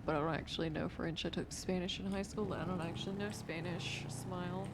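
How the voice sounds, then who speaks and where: A woman's voice: fairly low pitch, fairly even intonation, fairly quick, very noisy. A young woman streaming a roleplay game, chatting casually in a laid-back, profane way, and sounding sleepy and worn out. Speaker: livestreamer playing a roleplay game.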